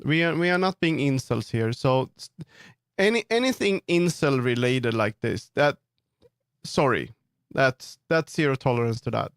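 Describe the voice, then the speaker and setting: A man's voice: medium pitch, lively intonation, normal speed, a bit bright, clear, resonant tone, no echo, studio quality. A man streaming live, answering his viewers' chat while he works on 3D models, firm and earnest when he sets limits. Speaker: livestreamer and 3D model customizer. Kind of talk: casual livestream chat, answering chat.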